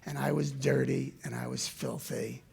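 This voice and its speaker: Gravelly older man telling stories. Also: medium pitch, normal speed. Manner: animated, swings from loud to hushed. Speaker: speaker telling his life story to an audience. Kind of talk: storytelling talk.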